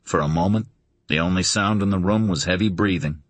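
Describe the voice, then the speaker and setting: A man narrating a suspense novel in a steady, dramatic reading. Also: low-pitched, brisk, no echo. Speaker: audiobook narrator. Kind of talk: scripted narration.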